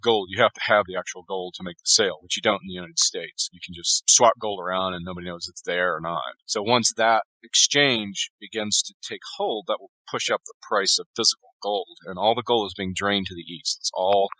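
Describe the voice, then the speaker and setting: A man being interviewed as an author, giving long, steady explanations in a conversational interview. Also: sits low, a little fast, few pauses, no room sound, rough recording. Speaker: author guest.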